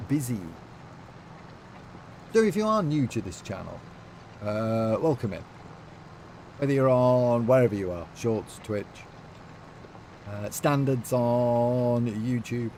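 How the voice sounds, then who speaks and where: Male streamer, casual chatty delivery, middle pitch, slight background hiss. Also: mellow. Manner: chatty, reads out and answers chat. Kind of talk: casual live-stream chat.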